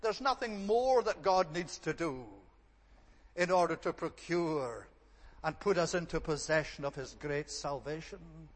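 A man's voice: on the high side, unhurried. A man preaching a sermon in a church, earnest and emphatic, repeating phrases for stress. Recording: long reverb of a large hall.

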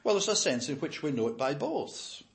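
An older man preaching an expository sermon, reading scripture aloud and then explaining it slowly with firm emphasis. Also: fairly high pitch, sing-song.

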